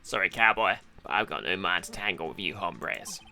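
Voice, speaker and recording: A man doing a swaggering cowboy security guard with a put-on Western drawl, gruff and folksy. The voice drops low and rolls lazily through each phrase. It is a lively, bright game-stream character voice. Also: normal speed, soft background music, heavily acted.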